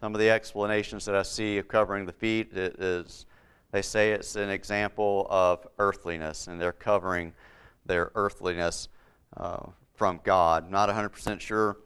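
A man's voice: deep voice, steady tone, moderate pace, a bit bright, clean tone. A man preaching a Bible-teaching sermon, repeating key words for emphasis and putting questions to his listeners.

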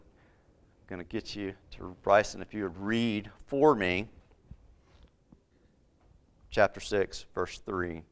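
A man's voice: fairly low pitch, smooth. A man preaching a Bible-teaching sermon, repeating key words for emphasis and putting questions to his listeners.

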